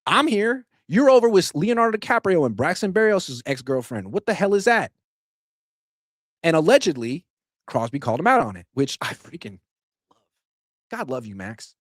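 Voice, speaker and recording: A man hosting a sports podcast, giving opinionated solo commentary in an animated, sarcastic way that jumps louder for emphasis. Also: fairly high pitch, normal speed, long pauses, no echo, studio quality.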